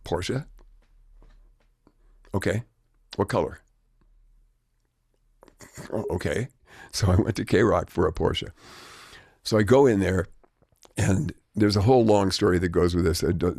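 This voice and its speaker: A man's voice: low-pitched, darkish tone, no echo, clean studio sound. An older man, a guest, telling rambling anecdotes in a conversational, wry way. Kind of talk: anecdotal storytelling.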